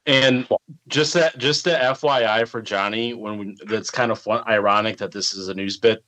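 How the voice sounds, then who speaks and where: A man with kids, co-hosting a casual podcast chat, wry and quick to laugh. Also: fairly low pitch, sharp tone. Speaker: podcast co-host.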